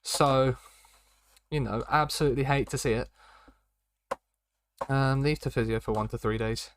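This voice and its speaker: A man's voice: mid-range voice, normal speed, a little hiss or hum. Chatty man streaming a game. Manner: chatty, rambling, repeats catchphrases. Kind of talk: casual live-stream commentary.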